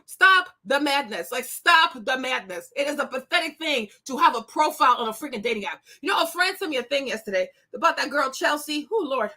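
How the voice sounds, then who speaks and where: A woman's voice: high voice, expressive, brisk, hardly any pauses, sharp tone. A woman hosting a commentary show, ranting bluntly and scathingly with bursts of laughter. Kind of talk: opinionated commentary rant.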